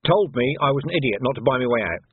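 A man voicing a gruff, hard-bitten middle-aged watch sergeant who speaks curtly with dry sarcasm. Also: mid-range voice, expressive, fast talker, no echo. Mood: stern. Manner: curt, commanding, dry sarcasm. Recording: tinny narrow audio, dry.

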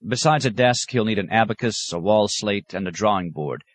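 A man's voice: on the low side, moderate pace, voice pushed up, close to an everyday voice. A man voicing an eager, practical male monk inventor who argues hastily.

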